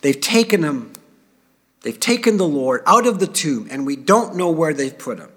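A man's voice: on the high side, normal speed. Man preaching, reading scripture aloud. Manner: expressive reading with quiet asides.

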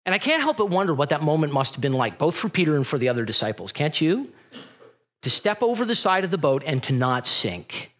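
A middle-aged man preaching a sermon, telling stories with animated energy and acting out the voices of the people in them. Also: a little high, brisk. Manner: animated storytelling, acts out voices in retellings. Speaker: pastor.

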